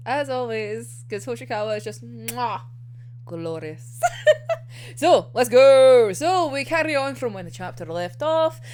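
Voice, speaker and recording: A young woman reacting to a manga chapter, gushing, giggling often, swearing freely and saying "like" constantly. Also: a little high. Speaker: manga reviewer.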